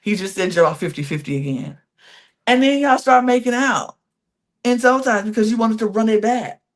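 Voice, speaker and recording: A young woman co-hosting a casual reality TV recap podcast, talking in an animated, sassy, slangy way and often restarting her sentences. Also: on the high side, moderate pace. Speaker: podcast co-host.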